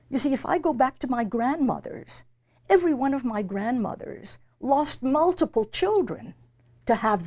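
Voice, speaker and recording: A woman's voice: a little high, creaky, a little mellow. An older woman being interviewed, speaking emphatically and reflectively and often repeating words as she searches for a phrase. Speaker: interviewee, literature professor. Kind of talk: reflective conversation.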